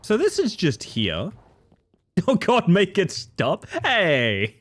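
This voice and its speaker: Man, game streamer, casual chat, very expressive pitch, excitable. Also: takes it slowly. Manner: animated, excitable, swears freely. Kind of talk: casual gaming livestream chat.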